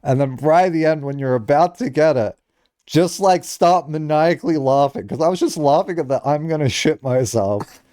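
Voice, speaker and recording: A young man streams a game in a casual live-stream chat, rambling along with frequent giggles and plenty of filler words. His voice is a little high and a little fast with a dark tone, recorded dry at studio quality.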